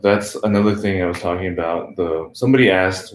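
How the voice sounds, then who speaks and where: A man with a deep, low voice answers viewer questions about learning English in a loose, chatty way, dropping plenty of "like" and "um". He sounds like a friendly teacher talking off the cuff. The sound is roomy and echoey. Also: normal speed, a little hiss or hum. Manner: relaxed, chatty, lots of "like" and "um". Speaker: English teacher, channel host.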